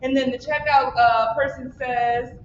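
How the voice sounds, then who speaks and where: A woman's voice: high voice, steady tone, measured pace, distant mic, highs cut off, a little hiss or hum. A woman performer telling an improvised comic story in a rambling, giggly way. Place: theater stage. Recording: very echoey stage recording from afar.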